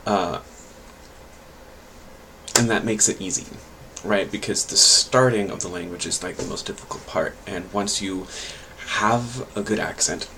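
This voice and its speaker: Low-voiced man, rambling and hesitant. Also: measured pace, gravelly, background noise. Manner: rambling, hesitant, many fillers and restarts. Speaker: language learner giving tips. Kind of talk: casual vlog talk.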